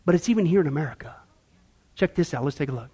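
A man's voice: fairly high pitch, lively intonation, fast, mellow, slightly rough. A man teaching Bible prophecy as a preacher, emphatic and conversational with sarcastic asides.

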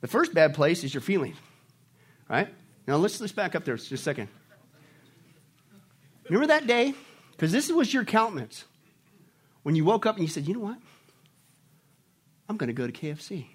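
A man preaching a sermon, animated, asking the congregation rhetorical questions and acting out quick mock voices. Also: sits high, breathy edge. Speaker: pastor.

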